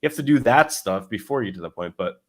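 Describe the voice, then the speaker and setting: A man's voice: lowish voice, expressive, quick pace. Casual man explaining a step-by-step system. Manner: loose and conversational, many fillers and restarts, acts out his own inner thoughts. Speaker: dating coach.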